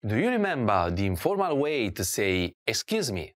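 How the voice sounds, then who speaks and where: A woman giving a scripted language lesson, asking slow drill prompts and repeating each word clearly. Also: a bass voice, very animated, background noise. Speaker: language teacher.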